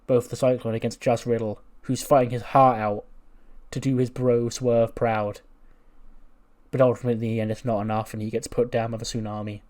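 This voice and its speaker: A man talks through a wrestling simulation game in casual, unscripted commentary. He is blunt, swears freely and grows excited as he recaps the action. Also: medium pitch, a little fast. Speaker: game channel host.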